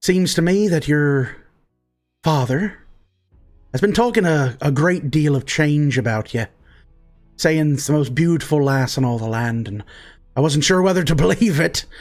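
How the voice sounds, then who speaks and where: Man doing a flattering dwarf trader, smooth and folksy, mid-pitched. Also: moderate pace, soft background music, close to an everyday voice.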